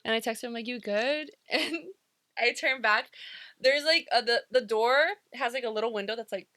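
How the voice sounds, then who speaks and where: A young woman co-hosting a casual podcast, telling an animated story and acting out what was said. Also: a little high, normal speed, dry recording, studio quality. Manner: animated storyteller, soft quoted asides. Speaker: podcast co-host.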